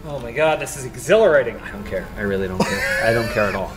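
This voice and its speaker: A man's voice: medium pitch, lively intonation, fast. A man hosting a gaming show, making dry sarcastic jokes while commenting on the game. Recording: game music in background.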